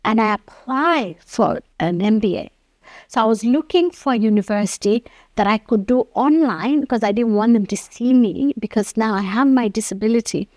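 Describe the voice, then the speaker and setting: A woman's voice: a little high, expressive, moderate pace, darkish tone, no room sound. Earnest woman telling her story. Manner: earnest, acts out quoted dialogue. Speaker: interview guest. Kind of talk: personal storytelling.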